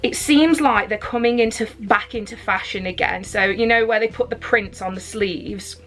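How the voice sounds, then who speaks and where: A woman's voice: medium pitch, normal speed, a bit bright, soft background music. A woman vlogger from the UK chatting enthusiastically through a clothing unboxing at home, rambling with fillers and a little out of breath. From United Kingdom. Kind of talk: casual unboxing chat.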